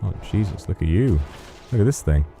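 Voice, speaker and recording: A man's voice: low-pitched, lively intonation, a little fast, vocal fry, warm tone, faint music behind. A man casually commentating as he streams a game, rambling and swearing playfully.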